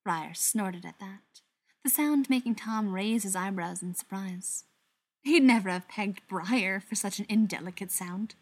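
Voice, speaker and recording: A woman narrating an audiobook in a calm, measured reading. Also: medium pitch. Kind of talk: scripted narration.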